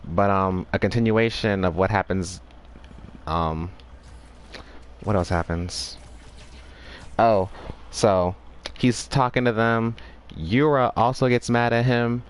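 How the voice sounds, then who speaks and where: A man's voice: fairly low pitch, slow, pauses often, a little hiss or hum. A man casually recapping a story, rambling with restarts and acting out the characters' lines.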